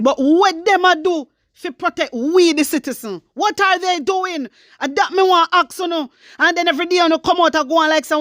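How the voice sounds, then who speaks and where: A high-voiced woman with a strong Jamaican accent speaks in a fiery, urgent rant, scolding her listeners and hammering the same demands again and again. Her voice is close and dry, with no room sound around it. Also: a bit bright, no room sound. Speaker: online commentator. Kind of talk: impassioned rant to viewers.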